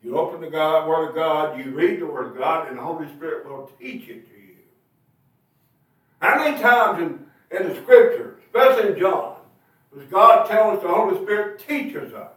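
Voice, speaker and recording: Speaking at a normal speed, a male preacher delivers a sermon in a high, animated voice, peppering it with rhetorical tag questions and emphatic bursts. He's recorded from a distance, set back from the mic, in a church with heavy echo.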